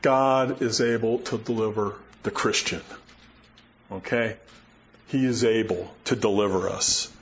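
A man's voice: lowish voice, steady tone, measured pace, muffled recording. A male pastor preaching a conversational sermon, often checking in with his listeners. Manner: folksy, asks listeners "right?" and "okay?".

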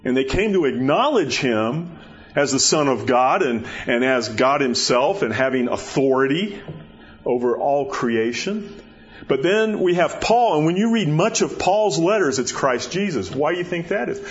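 Male pastor, fairly high voice, conversational sermon delivery with repeated words, dull lo-fi capture. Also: sing-song, moderate pace. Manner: conversational, repeats words, rises in pitch for emphasis. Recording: dull lo-fi recording.

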